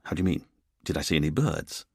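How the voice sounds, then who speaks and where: A man's voice: very deep voice, expressive, fast talker, no room sound, studio quality, heavily acted. A man reading a stiff, formal police chief who gets flustered and stammers, in an audiobook.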